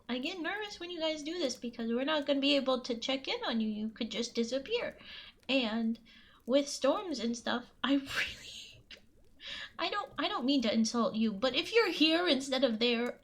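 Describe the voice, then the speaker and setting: High-voiced woman livestreamer; anxious, laughs a lot, pleads and repeats words. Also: animated, a little slow, long pauses. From US Midwest. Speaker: streamer reading folktales. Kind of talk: casual live-stream chat.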